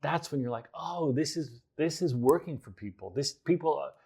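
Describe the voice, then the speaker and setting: A man's voice: fairly high pitch, expressive, moderate pace, gravelly, warm tone, husky. A man in his forties with a New Jersey accent, talking as a film director guest in a casual interview, often restarting and repeating words. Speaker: filmmaker guest.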